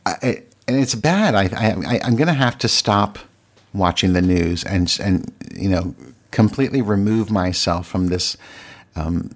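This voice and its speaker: A man's voice: low-pitched, unhurried. A man hosting his own solo podcast in a candid, exasperated, rambling way, full of restarts and stammered repeats. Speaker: podcast host. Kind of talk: casual solo podcast monologue. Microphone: desk podcast mic.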